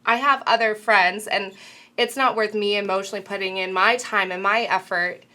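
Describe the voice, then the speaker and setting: A woman's voice: mid-range voice, fairly even intonation, moderate pace, bright, forceful tone. A woman co-hosting a casual panel talk show, earnest and thoughtful, with many filler words. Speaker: co-host.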